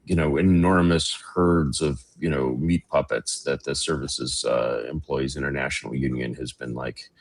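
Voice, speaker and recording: Low-voiced sardonic man rambling. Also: steady tone, moderate pace, few pauses, breathy edge. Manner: rambling, sardonic, many fillers. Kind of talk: casual political conversation.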